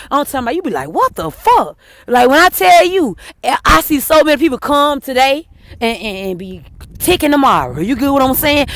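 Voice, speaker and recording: A woman telling a personal story to her viewers, blunt and cursing, swinging between heated outbursts and hushed apologies. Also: high voice. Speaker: vlogger. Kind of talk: emotional personal storytelling to camera.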